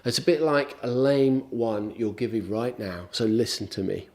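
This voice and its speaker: A man's voice: mid-range voice, normal speed, darkish tone, close to an everyday voice. A man preaching who speaks as God, a patient and all-powerful king, in a firm, declaring way. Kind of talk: sermon storytelling.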